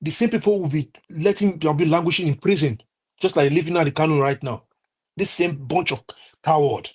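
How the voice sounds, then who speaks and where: Heated Nigerian man, husky voice. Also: on the high side, darkish tone. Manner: heated, scolding, halting with many restarts. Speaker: live stream commentator. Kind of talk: heated political commentary.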